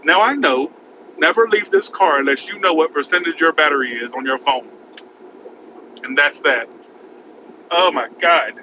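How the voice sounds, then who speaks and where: A man telling a rambling, frantic story in a casual vlog, recorded in his car by a highway. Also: normal speed, pauses often. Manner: rambling, frantic, repeats "oh my God". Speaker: vlogger. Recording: muffled with road noise.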